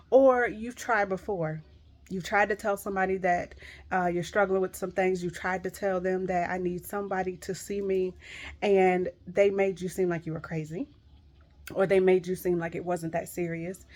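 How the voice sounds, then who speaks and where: A middle-aged woman giving a heartfelt devotional pep talk to viewers, earnest and emphatic, repeating reassuring phrases. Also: medium pitch. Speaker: Christian encourager speaking to viewers.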